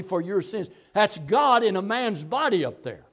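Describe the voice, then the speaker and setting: Impassioned preacher swinging quiet to loud. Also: male voice, high-pitched, very animated, moderate pace. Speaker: pastor. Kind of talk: sermon.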